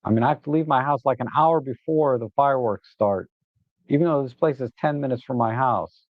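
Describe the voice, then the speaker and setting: A man's voice: medium pitch, brisk, dry recording. A man hosting a photography livestream, talking casually and rambling through his shots, sometimes getting worked up and laughing. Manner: chatty and rambling, with frequent "uh" and repeated starts; gets animated and exasperated when griping, with laughs. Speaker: photography channel host. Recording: dry, phone-like narrow sound.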